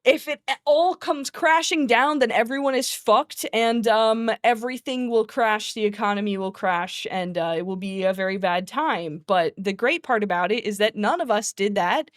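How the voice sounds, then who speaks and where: A woman's voice: a little high, normal speed, hardly any pauses, dry recording, clean studio sound. A woman streamer in casual chat from her home, giggly and rambling, calling herself nervous.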